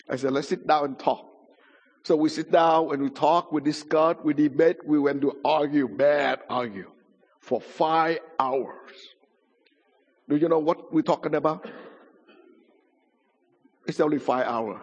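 A man's voice: fairly high pitch, steady tone, a little slow, long pauses, darkish tone, husky. A man giving a sermon testimony in non-native English, with simple grammar and a dramatic storytelling manner. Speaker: pastor. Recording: muffled sound in a reverberant hall.

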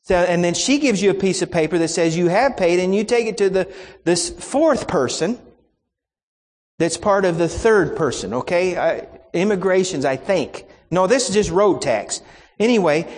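A man's voice: sits high, darkish tone, in a large hall. A man preaching a sermon, telling a personal story in a folksy, anecdotal way and acting out the exchanges.

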